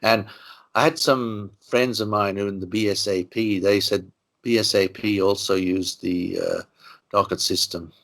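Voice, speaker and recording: A man's voice: on the low side, fairly even intonation, a little slow, vocal fry, fairly bright tone. An older man from Ireland, an interviewee, telling long stories in a rambling way with many "you know" asides. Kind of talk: relaxed storytelling interview.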